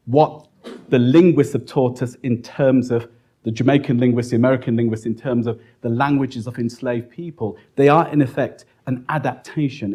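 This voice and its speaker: Guy with a husky voice giving a lecture, tells stories, acts out voices. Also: mid-range voice. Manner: animated storytelling, acts out quotes, laughing asides.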